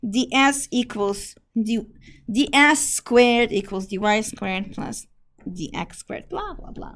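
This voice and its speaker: A woman teaching a math lesson in a hoarse voice, explaining step by step and often clearing her throat. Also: a little high. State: hoarse from fever. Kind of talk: casual classroom lecture.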